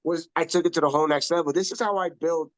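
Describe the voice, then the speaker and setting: An emphatic, animated man leading a casual online coaching session. His voice sits a bit high for a man, and the sound is close and dry, as if heard over a video call. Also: fast, no echo. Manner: emphatic, animated, repeats himself. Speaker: social media coach. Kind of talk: casual webinar talk.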